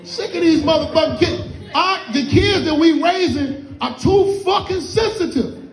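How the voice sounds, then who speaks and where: A middle-aged man doing stand-up comedy in a club lounge, telling stories loudly with constant profanity. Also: very high voice, normal speed, a faint crowd. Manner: loud, profane, animated storytelling. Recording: roomy club echo.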